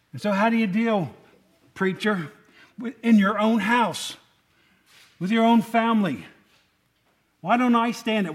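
High-voiced preacher with lively asides. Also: male voice. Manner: conversational, rhetorical questions and joking asides. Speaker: pastor. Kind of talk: sermon.

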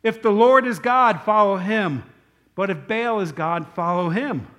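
A man's voice: high voice, normal speed, close to an everyday voice. A man voicing a bold male prophet who challenges the crowd in a commanding way, within his own sermon. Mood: challenging.

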